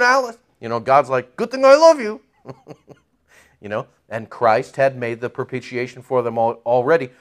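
A man preaching a Bible study, animated and joking, acting out voices in quotes. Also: a little high. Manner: animated, jokey, acts out quotes. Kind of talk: Bible teaching.

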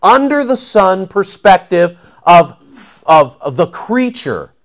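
A man's voice: high voice, big pitch swings, takes it slowly, a bit bright. A man preaching a sermon in an emphatic, conversational way, often checking in with his listeners with "okay?" and "see?".

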